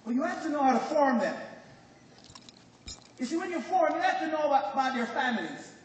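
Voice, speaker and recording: Jamaican guy hyping up a crowd w stories and jokes, high voice, phone recording from way back in an echoey hall. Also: fairly quick, far from the mic. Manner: joking, animated storyteller who questions the crowd. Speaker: business presenter. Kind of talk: motivational speech to a live audience. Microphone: phone recording from the audience, far off.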